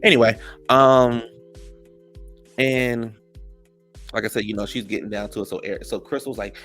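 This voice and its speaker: A man's voice: mid-range voice, moderate pace, soft background music. A man recapping a reality TV episode in casual, sassy and profane gossip, full of fillers. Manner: animated, with many fillers.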